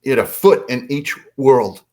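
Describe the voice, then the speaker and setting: A man, a podcast guest, telling a story in a lively way and acting out quotes. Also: a little slow. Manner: lively, acts out quotes with big pitch swings. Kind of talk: animated storytelling.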